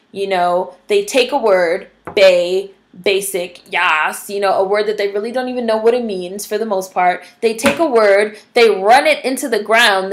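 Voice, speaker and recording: A young adult woman vlogging, ranting bluntly and profanely, full of "like" and "you know". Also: medium pitch. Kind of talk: casual ranting commentary to camera.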